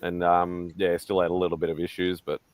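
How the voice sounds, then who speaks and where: A man's voice: low voice, completely flat delivery, fairly quick, a little mellow, no echo. A man hosting a casual pop-culture hangout chat in an easygoing way, laughing often. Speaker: host.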